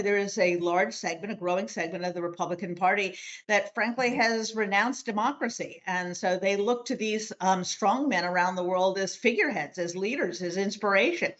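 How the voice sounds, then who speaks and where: A woman lawyer weighs in on a roundtable in a measured, opinionated way, pausing often on fillers. Her voice sits at an ordinary pitch for a woman. The audio comes through a bit dull and lo-fi. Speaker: lawyer and panel guest. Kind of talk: roundtable political discussion.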